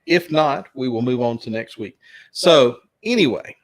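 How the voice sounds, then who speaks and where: A man with a Southern US accent hosts a relaxed trivia night, chuckling often as he reads out questions. His pitch rises and falls a lot, in a middle register. He keeps it loose and chatty. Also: a little slow. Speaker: trivia host. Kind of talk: casual live-stream chat.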